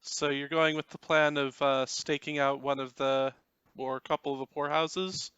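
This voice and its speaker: Bright-voiced male game master. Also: fairly high pitch, steady tone, moderate pace, clean tone, no echo, highs cut off. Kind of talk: narrating a tabletop game.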